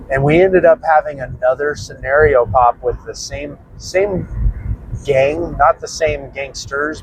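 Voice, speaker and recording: Man, young adult, casual storytelling, rambling, swearing, mid-pitched voice, faint background noise. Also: rough recording. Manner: rambling, swears freely, laughs while telling. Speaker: prepping channel host.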